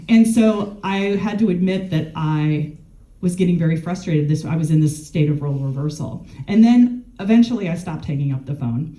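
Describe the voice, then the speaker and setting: A woman speaks in a very dark, mellow tone, chatty and candid, laughing at herself now and then. Her voice rings a little in a roomy, echoing space. She talks with the ease of a gerontologist telling her own story. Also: fairly low pitch, moderate pace. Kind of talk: casual conversational storytelling. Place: warm room.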